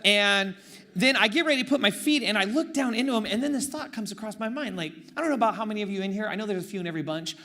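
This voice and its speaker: A young man from Oakland telling a funny personal story in a sermon, animated and self-mocking with sarcastic asides. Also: high-pitched, very fast. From East Bay of San Francisco, Oakland. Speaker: pastor.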